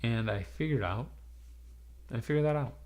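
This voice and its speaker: A young man with a raspy, hoarse voice from being sick, rambling irreverently on a live stream with lots of fillers. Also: medium pitch, moderate pace, darkish tone. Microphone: webcam mic.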